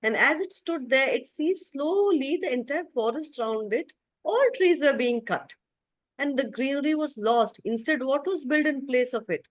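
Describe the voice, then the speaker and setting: An expressive woman teacher narrating a moral story to a class, pausing now and then to clear her throat. Her voice sits a little high. The sound is close and dry. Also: dry recording. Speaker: spiritual teacher. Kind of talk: storytelling talk.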